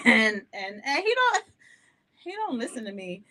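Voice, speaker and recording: A woman hosting a live gospel radio show, talking to listeners in an animated, candid way and laughing often. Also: fairly high pitch, takes it slowly, pauses often. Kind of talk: live-streamed radio talk, testimony.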